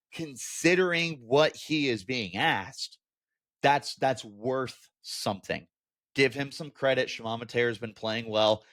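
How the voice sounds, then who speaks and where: A man's voice: mid-range voice, a bit bright. A man hosting a sports commentary show, talking candidly and animatedly through a team's loss, with exasperated asides. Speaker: sports podcast host.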